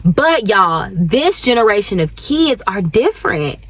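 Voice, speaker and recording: A woman, chatting casually to camera from her car, animated and talkative with sudden high jumps and laughs. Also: a little slow, slightly rough, dry recording. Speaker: vlogger, working mom.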